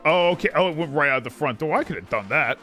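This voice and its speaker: A man's voice: on the high side, expressive, quick pace, pushed and bright, faint music behind. A man streaming a video game, commenting casually with joking, sarcastic asides.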